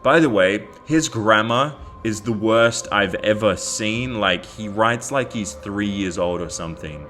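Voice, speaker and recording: A man's voice: fairly low pitch, measured pace, few pauses, fairly bright tone, soft background music. An Australian man telling a story in a casual vlog, bemused as he recounts chat messages. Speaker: YouTuber.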